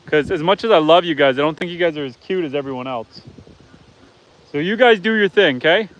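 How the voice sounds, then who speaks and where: A homestead host streams live from his farm outdoors, chatting casually with viewers while talking to his pigs, goats and chickens. His voice is a little high, fairly quick and a bit bright, though the recording sounds muffled.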